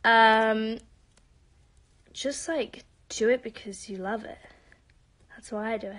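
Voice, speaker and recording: A young woman with a British accent, born in Spain and raised in London, hosts a live-stream Q&A and answers fans casually. Her voice is a little high and a bit bright, with fairly even intonation, a measured pace and long pauses. She's bubbly and chatty, often whispering asides into a phone held at arm's length.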